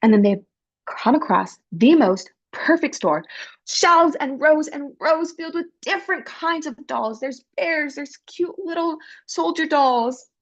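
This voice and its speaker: Woman interpreter, storytelling, expressive, fairly high voice, muffled lo-fi recording. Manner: animated, expressive, breaks into character voices. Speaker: sign language interpreter voicing a panelist. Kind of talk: storytelling at a panel.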